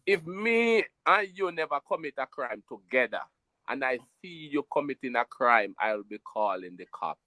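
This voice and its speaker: Jamaican guy telling a story, talks emphatic and animated, dry close mic. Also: mid-range voice, normal speed, no room sound. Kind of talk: casual storytelling chat.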